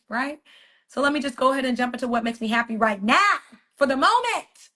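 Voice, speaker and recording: Her voice is high, bright and forceful, fairly quick, with big pitch swings. She's an author and wellness coach hosting a weekly casual motivational live stream from her phone, chatting with viewers and emphatically repeating phrases.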